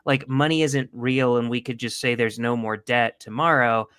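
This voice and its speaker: A man's voice: medium pitch, steady tone, normal speed, a bit bright, smooth, no room sound. A young man co-hosting a casual podcast, blunt and profane with indignant outbursts. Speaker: podcast co-host. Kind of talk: casual chat.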